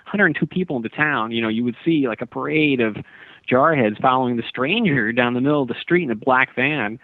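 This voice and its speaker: A man recounts a long story as a radio interview guest, earnest and meandering, often restarting his sentences. His mid-pitched voice comes through a tinny phone line with a dry sound. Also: brisk, dry recording. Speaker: author guest.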